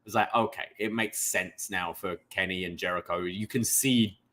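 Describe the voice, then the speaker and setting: A British man co-hosting a casual wrestling podcast, chatting in an animated way. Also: low voice. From Britain. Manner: animated, breaks into quick impressions. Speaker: podcast co-host. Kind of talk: casual chat.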